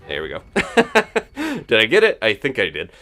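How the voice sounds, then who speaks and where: A man's voice: fairly low pitch, wildly swooping pitch, very fast, pushed and bright, soft background music. A man streaming gameplay live, chatting casually to viewers and laughing often as he plays. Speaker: game streamer.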